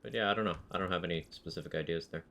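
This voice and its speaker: A man streaming a game live, chatting casually with viewers and musing aloud between pauses. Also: deep voice, pushed and bright, slight background noise. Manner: laid-back, musing aloud, answering chat between pauses.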